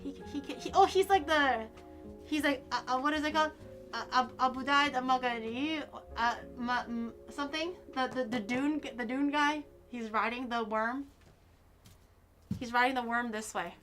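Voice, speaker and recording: A playful woman streamer chats with her viewers in a high, bright voice. She is excitable and quick to squeal or laugh, and faint music plays behind her. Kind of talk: casual live-stream chat.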